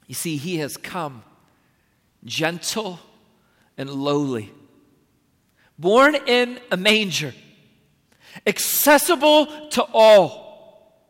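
High-voiced man preaching in a reverberant church. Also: expressive, very slow, long pauses, fairly bright tone. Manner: earnest, pleading, builds to emphatic rises. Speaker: pastor. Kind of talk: sermon. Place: church sanctuary. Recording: long reverb of a large hall.

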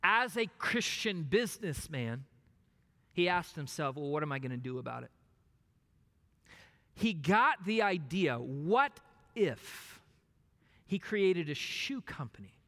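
Male pastor, high bright voice, emphatic sermon, long hall reverb. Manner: emphatic preaching with dramatic drops to a hushed voice. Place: church sanctuary.

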